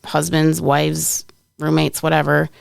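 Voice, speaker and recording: A woman co-hosting a podcast in a casual chat, earnest and plainspoken, with a gravelly voice. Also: low voice, monotone, measured pace, no room sound, studio quality. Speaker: podcast co-host.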